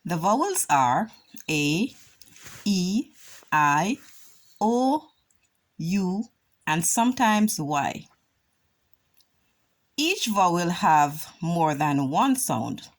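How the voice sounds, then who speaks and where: Lady teacher doing phonics for kids, super slow, voice swoops up and down a lot. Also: on the low side, sing-song. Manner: slow, deliberate, drawn-out vowel sounds. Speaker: reading teacher. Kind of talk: children's phonics lesson.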